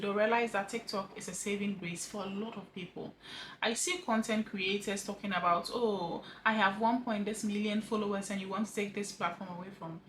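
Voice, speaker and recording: A grieving widow talking earnestly to camera in a personal vlog, halting and repeating words, her voice dropping soft at the ends of phrases. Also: medium pitch, a little hiss or hum, low-quality recording. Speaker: vlogger sharing a personal story. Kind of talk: heartfelt personal vlog monologue.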